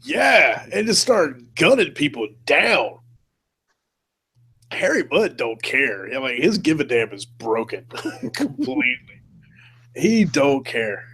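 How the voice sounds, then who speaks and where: A laid-back man hosts a casual live-stream chat, laughing often and tossing in "man" and "dude". His voice sits a little higher than most men's. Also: huge pitch swings, takes it slowly, pauses often, fairly bright tone, slightly rough. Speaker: host.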